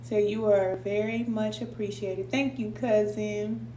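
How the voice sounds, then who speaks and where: A woman's voice: mid-range voice, fairly even intonation, measured pace, warm tone. A middle-aged woman hosting a casual live stream, talking informally with viewers, laughing often and reading out their comments. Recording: echoey room with faint hum.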